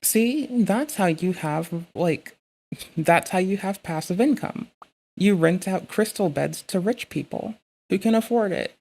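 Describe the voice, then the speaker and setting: A woman streaming live, chatting casually with heavy swearing and bursting into loud, excitable rants. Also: on the low side, measured pace.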